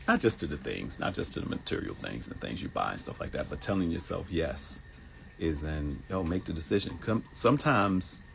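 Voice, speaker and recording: Deep animated man hosting a live talk. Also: gravelly, slight background noise. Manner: animated, laughing, mimics people in high voices. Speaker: host. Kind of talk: live motivational talk show.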